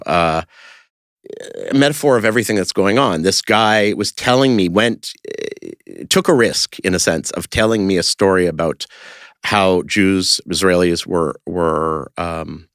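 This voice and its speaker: A man's voice: low voice, measured pace, fairly bright tone, dry recording, studio quality. A man talking casually as a podcast guest, telling stories in a rambling way with lots of fillers and restarts. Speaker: interview guest, creator of a street-question video project.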